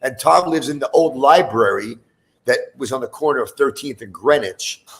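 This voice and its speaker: A man in his fifties talks as a guest on a casual chat show. His voice is gravelly and sits at an ordinary middle pitch. He rambles through his story with lots of fillers and swearing. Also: animated, moderate pace, fairly bright tone. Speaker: guest musician.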